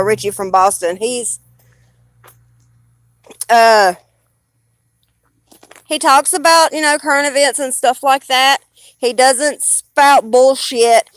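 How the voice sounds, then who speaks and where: A woman's voice: fairly high pitch, no echo. A woman with a Southern US accent chatting casually on a live stream, rambling and blunt, swearing freely.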